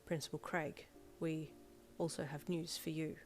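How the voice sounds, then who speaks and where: A woman's voice: low voice, flat delivery, measured pace, soft background music. A woman reading aloud voices an earnest teenage boy who speaks stiffly and formally. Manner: stiff, formal, polite wording.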